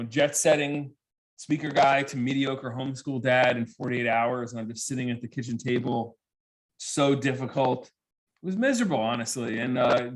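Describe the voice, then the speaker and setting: A man in his forties giving a comedic keynote talk to students, telling stories with lively, animated delivery and acting out the voices of people he quotes. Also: mid-range voice. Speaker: keynote speaker. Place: virtual assembly with students present.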